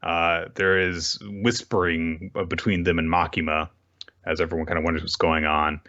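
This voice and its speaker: Man, deep voice, casual manga recap, animated, mimics characters, muffled lo-fi sound. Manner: animated, acts out characters' lines in quick voices, laughs often. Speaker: podcast co-host.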